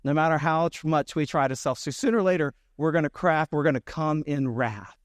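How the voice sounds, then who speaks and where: A man's voice: a little high, a little fast, no echo, studio quality. Man preaching a chatty sermon. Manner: conversational storytelling with asides to the congregation. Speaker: pastor.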